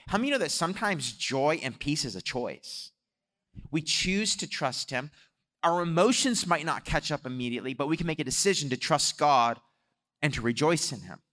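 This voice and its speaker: Preacher in a reverberant hall. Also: male voice, fairly high pitch. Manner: animated, swells loud on exhortations. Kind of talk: sermon storytelling.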